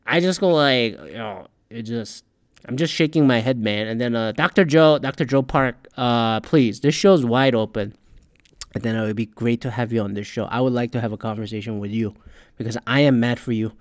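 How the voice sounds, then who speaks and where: A man's voice: mid-range voice, a little fast, dry recording, clean studio sound. A man hosting a podcast, ranting in a loose, profane, rambling way about a reality dating show and often getting heated. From Korean American. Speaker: podcast host. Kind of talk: casual ranting commentary.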